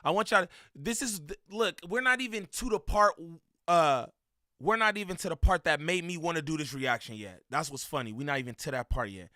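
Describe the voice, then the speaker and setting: Bright, forceful streamer man, dry sound. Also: fairly high pitch, brisk, dry recording. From Inland Empire, Southern California. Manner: slangy, loose street talk, frequent laughs. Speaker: livestreamer reacting to a video. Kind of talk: live-stream reaction and chat shout-outs.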